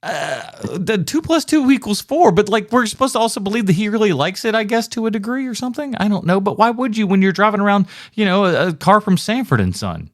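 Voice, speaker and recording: A man co-hosting a movie podcast, with a slightly higher voice and a blunt, sarcastic way of talking. He drops casual swear words into relaxed chat. The sound is close-miked and dry. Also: fast, hardly any pauses, no echo. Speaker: podcast co-host.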